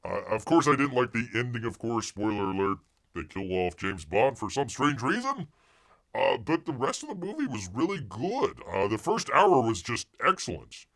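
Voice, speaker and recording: Guy hosting a live stream, pitch swings all over the place, keeps calling himself by name, lots of stop-start restarts. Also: very animated, fairly bright tone. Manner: refers to himself in the third person, halting with many restarts. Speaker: live show host. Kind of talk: casual live-stream chat.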